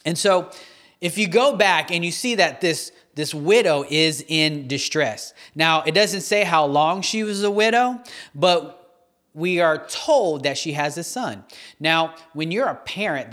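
A man in his thirties preaches a sermon in a slightly high voice. He reads scripture, then retells it in a casual, earnest way, full of restarts and fillers. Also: animated, measured pace, a bit bright. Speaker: pastor.

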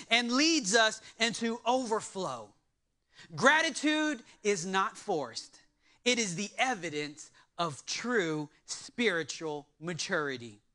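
A man preaching a sermon in an animated way, with joking asides to his congregation. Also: high voice. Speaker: pastor.

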